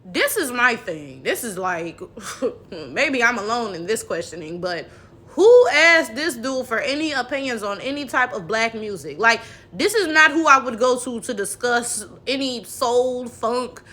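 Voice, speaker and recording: A woman hosting a reaction commentary video, talking in an animated, sassy way with laughing asides. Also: a little high, unhurried.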